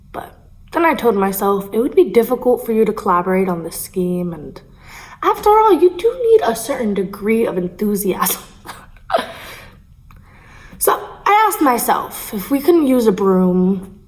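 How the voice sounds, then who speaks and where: A woman's voice: fairly high pitch, darkish tone, poor audio. A young woman acting a bitter, vengeful woman in a stage monologue, intense and at times whispering. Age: young adult. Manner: intense, sometimes dropping to a hissed whisper. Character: bitter, vengeful grown woman bent on a confession. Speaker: actor.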